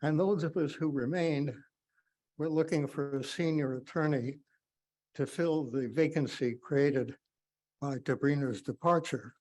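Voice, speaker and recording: Slow, mellow older man. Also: fairly high pitch, low-quality recording. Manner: slow, measured delivery. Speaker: memorial speaker, retired judge. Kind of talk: formal speech. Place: memorial gathering.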